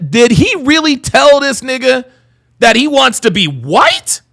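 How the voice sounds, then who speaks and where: A man's voice: extremely high pitch, big pitch swings, a little slow, gravelly, fairly bright tone. A man hosting a livestream, reacting to a video and reading chat, profane and repeating himself in disbelief.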